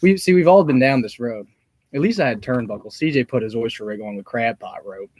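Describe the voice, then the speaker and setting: A man's voice: medium pitch, brisk, a little mellow, a little hiss or hum. A man hosting a casual livestream, joking and telling wry stories. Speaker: host.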